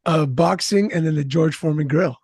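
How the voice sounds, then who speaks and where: A man's voice: a little high, a little fast, a little mellow. A man hosting a podcast, mostly giving brief agreeing replies. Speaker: podcast host. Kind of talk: casual interview chat.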